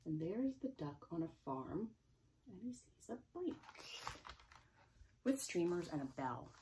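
A woman librarian reading a picture book to preschoolers, gentle and expressive, with chatty asides to the children. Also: lowish voice, measured pace, noisy background. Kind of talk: preschool story time reading.

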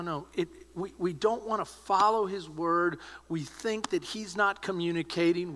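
Male pastor, sermon, high lively delivery, echoey hall. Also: slight background noise. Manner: exhorting, emphatic, rising to shouts. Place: church.

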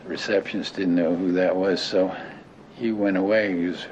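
An older man reminiscing in an interview, talking haltingly with many restarts and fillers. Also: low-pitched, fairly even intonation. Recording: dull lo-fi audio with clear noise.

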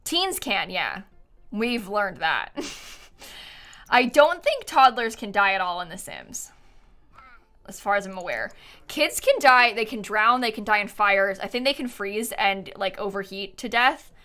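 Bright, lively giggly woman streamer. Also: medium pitch, unhurried. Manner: giggly, chatty, often breaks into laughter. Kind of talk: casual live-stream chat while playing a life-sim game.

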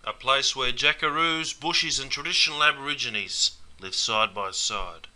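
A man with an Australian accent hosts a scripted comedic slang lesson, with a drawl and broad slang. His voice is bright and forceful at a middle pitch. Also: normal speed. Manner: drawling, tacks "mate" onto phrases, broad slang. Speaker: host and teacher of Australian slang.

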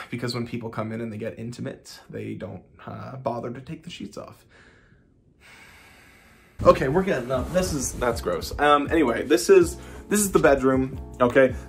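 Sarcastic man rambling through a room tour. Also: mid-range voice. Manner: sarcastic, joking asides, rambling. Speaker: vlogger. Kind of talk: casual vlog room tour. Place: hotel suite, indoors.

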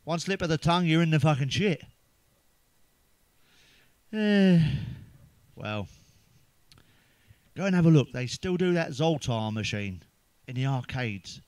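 A middle-aged man with a fairly high voice, telling crude stand-up jokes in a casual, swearing, conversational way and laughing at his own punchlines. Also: animated, moderate pace, a little mellow, no room sound. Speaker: stand-up comedian.

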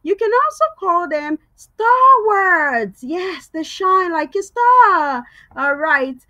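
Woman teacher for a kids' reading video: high, sing-song, slow and encouraging, dry close sound. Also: big pitch swings, muffled recording. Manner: sing-song, coaxing, repeats words loudly for kids to echo. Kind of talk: children's reading lesson.

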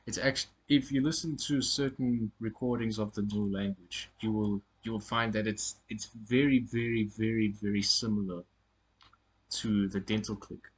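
Man, language teacher, husky and lowish voice, halting self-correcting delivery, informal lesson. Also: fairly even intonation. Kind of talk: casual spoken lesson on pronunciation.

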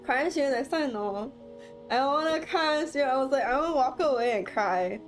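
A woman's voice: high-pitched, lively intonation, a little fast. A woman streamer commenting live on a game playthrough, teary after crying and rambling through emotional reactions to the story. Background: game music.

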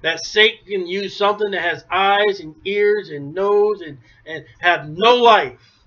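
A man preaching a sermon, emphatic, rising to near shouts then dropping low. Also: unhurried. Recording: dull lo-fi recording.

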